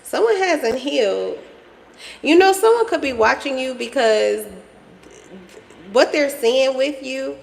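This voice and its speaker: A woman's voice: sits high, expressive, slow, creaky, pauses often, long reverb tail. A woman giving a casual collective tarot reading, chatty and playful, laughing often and swearing freely. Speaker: tarot reader.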